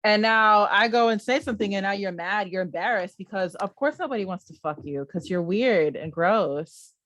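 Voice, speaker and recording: A woman's voice: mid-range voice, moderate pace, fairly bright tone, no echo. A young woman co-hosting a podcast in casual chat, adding wry, dry remarks. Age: young adult. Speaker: podcast co-host.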